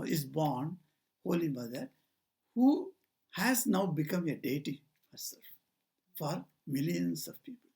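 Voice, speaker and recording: Older male monk speaker, high husky voice, story-led spiritual talk, acts out the dialogue. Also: darkish tone. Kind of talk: informal spiritual talk with stories. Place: talk at a society house, indoors.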